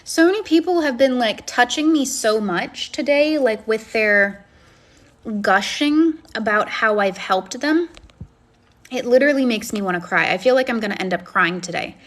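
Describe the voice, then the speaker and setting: Brief: woman, gushing live-stream coach, slightly higher voice, recorded on phone. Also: animated, moderate pace. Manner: gushing, effusive and encouraging. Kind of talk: casual live-stream chat, reading comments.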